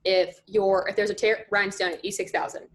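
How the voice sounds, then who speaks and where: A young adult woman at a middle pitch, talking as a podcast guest. She rambles happily through her stories and scatters "like" through her sentences. Her tone is easygoing and conversational. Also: level tone, brisk. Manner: chatty, storytelling, lots of "like" fillers. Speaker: podcast guest, pageant contestant. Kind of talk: casual podcast chat.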